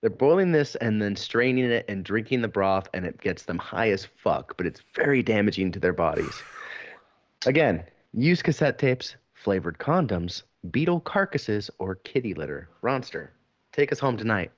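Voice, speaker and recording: A man's voice: lowish voice, big pitch swings, moderate pace, no echo, dull audio. A man hosting a casual podcast, running a trivia round with crude, playful banter. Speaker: podcast host, trivia quizmaster.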